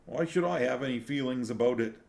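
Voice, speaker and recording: A man reading a novel aloud and voicing a starving male serf who speaks flatly and hopelessly, at times quavering. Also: mid-range voice, fairly quick, vocal fry, pitched above the performer's own voice, lightly acted. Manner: flat, dead-voiced, then quavering.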